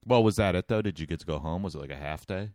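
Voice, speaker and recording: Man, very low voice, dry close sound; casual podcast co-host with deadpan, profane rants. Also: racing, no room sound. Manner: wry, deadpan rants with frequent swearing. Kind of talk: casual chat.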